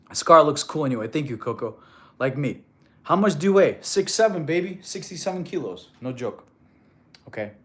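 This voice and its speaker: Upbeat guy streaming, fitness coach, slightly high voice, roomy echo. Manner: upbeat, laughs easily, reads chat aloud. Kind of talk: casual livestream chat.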